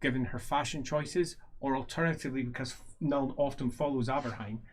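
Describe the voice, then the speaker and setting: A man's voice: mid-range voice, a little fast, husky. A man narrating as game master for a tabletop role-playing game, describing scenes with fillers.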